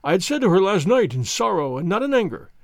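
A man reading an audiobook, voicing a distraught, excitable older banker who pleads and exclaims. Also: sits high, fast, no echo, studio quality. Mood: grieving.

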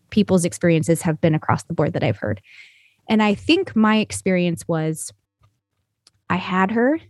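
A woman's voice: lowish voice, a little mellow, dry recording, clean studio sound. A woman talking as a podcast guest, telling stories in an earnest, rambling way full of "you know" and "like". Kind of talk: conversational storytelling.

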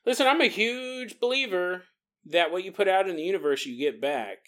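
Animated laughing male podcast host. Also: sits high, a little fast. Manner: animated, laughing often, acting out quoted voices. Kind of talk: casual solo podcast monologue.

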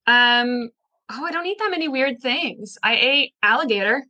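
A woman's voice: fairly high pitch, animated, normal speed, bright, forceful tone, dull audio. A woman from the United States giving short, playful answers in a casual interview. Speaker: guest, new staff member.

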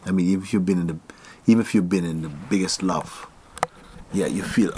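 A man from Jamaica giving a casual spiritual talk, animated and often laughing, sometimes sinking to a near whisper. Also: low-pitched, fast, a little hiss or hum.

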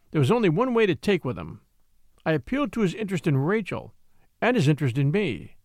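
A man narrating a classic novel in the first person, measured and earnest. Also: on the high side, very animated, a little mellow, no room sound, clean studio sound. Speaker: audiobook narrator.

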